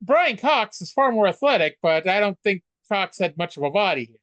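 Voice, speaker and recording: A man co-hosting a casual wrestling podcast, chatty and loose, with frequent stammered restarts and offhand swearing. His voice sits a bit high for a man. It is recorded close and dry on a podcast mic. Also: very animated, normal speed, fairly bright tone, no room sound, highs cut off. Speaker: podcast co-host. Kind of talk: casual wrestling recap chat.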